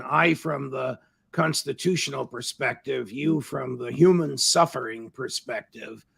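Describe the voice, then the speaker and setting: Gravelly, bright-toned older male host. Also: medium pitch. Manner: formal, elaborate phrasing. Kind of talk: interview.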